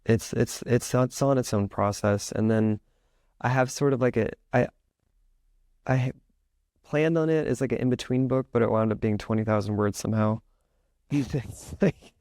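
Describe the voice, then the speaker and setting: A man's voice: medium pitch, darkish tone, dry recording, studio quality. A man speaking as a podcast guest in a casual, rambling way, filling his talk with "like" and acting out the thoughts he describes. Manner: rambling, heavy use of "like", acts out inner thoughts. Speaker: podcast guest, author and musician.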